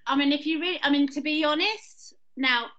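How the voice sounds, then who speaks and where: A woman's voice: sits high, a little fast, fairly bright tone, highs cut off. A woman with a Hackney London accent, chatting casually on a video call and laughing often as she demonstrates accents. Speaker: podcast guest. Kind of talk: casual chat explaining accents.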